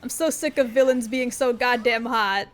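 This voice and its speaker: A young woman streaming a game, chatting casually, excitable and playful, swearing often. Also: a little high, normal speed. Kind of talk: casual gaming commentary.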